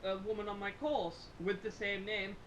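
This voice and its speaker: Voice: medium pitch, little pitch movement, moderate pace, fairly bright tone, recorded from a distance, slight background noise, low-quality recording. A speaker with a Yorkshire accent from around Sheffield, chatting casually as a podcast co-host. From Sheffield area, Yorkshire. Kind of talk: unscripted casual chat.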